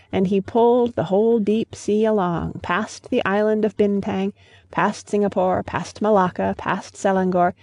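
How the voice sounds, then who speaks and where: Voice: mid-range voice, a little mellow, no room sound. A storyteller reading a fable aloud in a storybook manner, speaking fondly to the listener. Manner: addresses the listener as "best beloved". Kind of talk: storybook narration.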